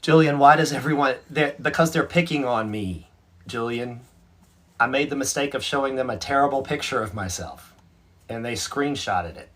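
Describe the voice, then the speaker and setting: A man hosts a relaxed livestream and reads out viewer comments one by one. His voice is husky and a little breathy. He talks in a chatty, self-mocking way and laughs easily. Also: medium pitch, normal speed. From North Carolina, USA. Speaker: livestream host. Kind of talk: casual live chat, reading out viewer comments.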